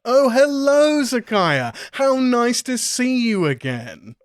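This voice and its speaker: A man's voice: very animated, slow pace, no room sound, studio quality, heavily acted. A man voicing a courteous, secretive older man in hiding in a tabletop game, speaking in a polite, genteel manner. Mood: delighted. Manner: polite, genteel, higher put-on voice.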